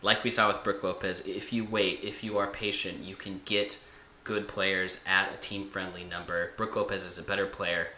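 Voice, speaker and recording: A man's voice: deep voice, flat delivery, moderate pace, pushed and bright, roomy sound, a little hiss or hum. A young man hosting a casual podcast, chatty and rambling, joking with his guests. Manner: chatty, rambling, laughs at himself. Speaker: podcast host.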